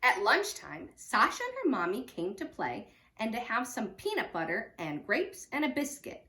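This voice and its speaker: A woman teacher reads a children's picture book aloud at home, stopping for chatty asides about the pictures. Her voice is fairly high and swings lively up and down. The room around her is noticeably echoey. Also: moderate pace.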